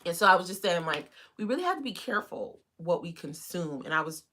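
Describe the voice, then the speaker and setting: This US livestream host talks at a quick pace with big swings in pitch, opening with a bright, high greeting to viewers. Her chat is casual and rambling, packed with fillers, and some background noise can be heard.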